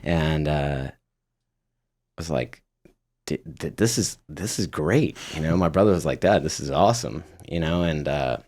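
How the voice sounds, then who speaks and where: A man's voice: rumbling low, animated, normal speed, a little mellow. A young man from Las Vegas, a guest musician, telling rambling stories in casual interview chat, full of fillers. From Las Vegas, United States. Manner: rambling storytelling with many fillers and laughs.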